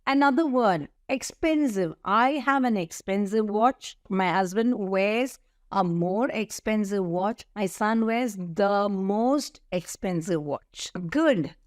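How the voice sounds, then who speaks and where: A middle-aged woman teaching an English grammar lesson, slowly listing words and spelling out letters. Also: mid-range voice, animated, dry recording, clean studio sound. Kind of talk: slow, deliberate grammar lesson.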